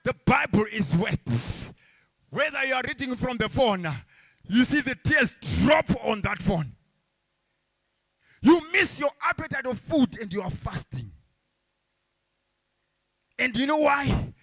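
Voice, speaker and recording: High-voiced fervent male preacher. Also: expressive, unhurried, long pauses, husky, dry recording. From Africa. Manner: fervent preaching with chanted, sung phrases and shouts. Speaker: pastor. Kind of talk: sermon.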